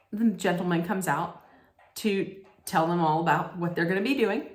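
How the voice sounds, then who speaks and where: An American woman hosts a casual vlog recapping a reality dating show, full of sarcasm and dry jokes. Her voice is on the lower side, her pace unhurried and drawn out, and the recording sounds roomy and echoey.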